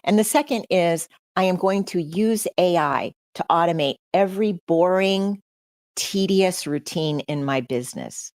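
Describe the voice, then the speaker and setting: Choked up with emotion, a middle-aged podcast host speaks earnestly and personally to her livestream audience. Her voice is lowish and a little mellow, and her pace is measured. The recording is studio quality with no room sound.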